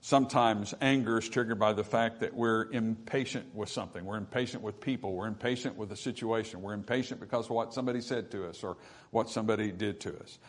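A man's voice: on the low side, quick pace. A male pastor preaching a sermon in an earnest, conversational way, with emphatic bursts, scripture readings and calls of "Amen?" to the congregation. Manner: reads scripture aloud and asks the congregation to finish verses.

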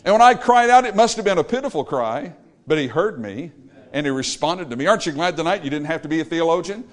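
A male preacher delivering a sermon, rising to loud exclamations and dropping to quiet, low lines. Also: expressive, quick pace.

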